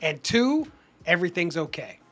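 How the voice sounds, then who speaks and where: A man telling a story in a casual podcast chat, animated and swearing freely as he acts out what people said. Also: high voice, moderate pace, soft background music.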